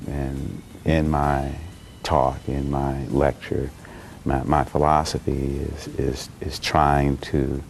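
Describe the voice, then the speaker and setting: A man speaking in an interview, slow and halting. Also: a bass voice, gravelly, a little mellow, slight background noise.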